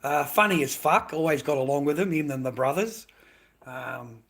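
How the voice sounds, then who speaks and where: A man's voice: a little high, lively intonation, normal speed, gravelly, fairly bright tone. An Australian man chatting casually on a livestream, rambling and swearing constantly, with "mate" in almost every line.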